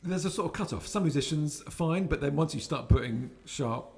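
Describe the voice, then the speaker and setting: A man from England, a guest musician, telling stories about his musical upbringing in a relaxed, easy way. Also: a little high, fairly quick. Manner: relaxed storytelling, laughs easily. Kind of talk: casual interview chat.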